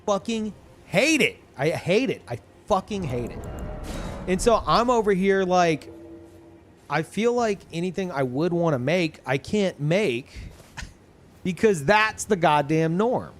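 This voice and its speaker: Male streamer, loose and profane, rambling casual chat, pitch swings around a lot. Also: lively intonation, slow pace, slight background noise. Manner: rambling, swearing, restarts sentences often. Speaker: livestreamer. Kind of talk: casual chat to a live audience.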